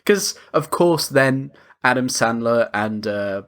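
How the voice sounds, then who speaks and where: Animated man ranting about a film. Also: medium pitch, moderate pace. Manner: animated, exasperated retelling with mock quotes. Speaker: podcast co-host. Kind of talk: casual film review chat.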